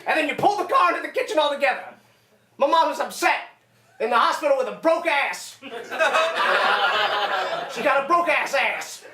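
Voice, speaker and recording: A man's voice: very high voice, expressive, normal speed, pauses often, very noisy. A man performing a live sketch comedy rant, piling up the same story beat again and again. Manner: building comic rant, repeating the setup. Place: theater stage. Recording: echoey theater room.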